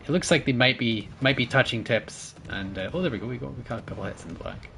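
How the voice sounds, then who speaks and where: A man's voice: mid-range voice, fast, vocal fry, background noise. A man streaming a naval battle game, chatting with his viewers and teammates, thanking supporters and laughing often as he plays. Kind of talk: casual gameplay commentary.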